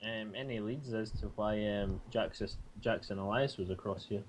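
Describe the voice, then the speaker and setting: A young man playing a tabletop role-playing game, jokey and quick to laugh. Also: on the low side, dry recording. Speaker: player.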